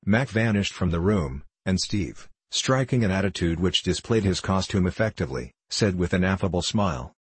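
A man narrating a classic novel in a measured storytelling manner. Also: low-pitched, lively intonation, slightly rough, dry recording. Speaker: audiobook narrator.

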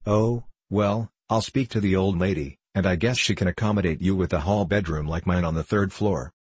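A man's voice: sits low, moderate pace, darkish tone, husky, no echo. A man reading as a boastful shabby showman. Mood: jaunty. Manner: jaunty, self-satisfied. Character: boastful shabby male stage performer, middle-aged.

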